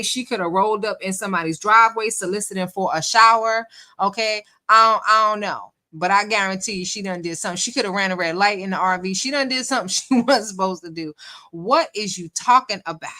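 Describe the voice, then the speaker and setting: A woman's voice: medium pitch, a little fast, bright, forceful tone. A woman commentating on a live stream in casual chat, laughing and teasing as she talks to her chat. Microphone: desk microphone.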